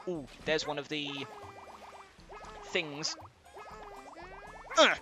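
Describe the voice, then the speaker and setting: Bright-voiced man rambling over gameplay. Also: on the high side, lively intonation, drawn-out words, faint music behind. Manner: rambling, many "like" fillers, thinking aloud. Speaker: let's player. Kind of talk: casual gameplay commentary.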